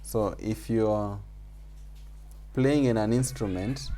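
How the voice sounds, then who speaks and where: A man teaches music theory in an online class, speaking slowly and patiently. His voice is low and dark, and he repeats key points with small fillers. There is a faint hiss of noise behind him. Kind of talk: online group class lesson. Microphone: video call.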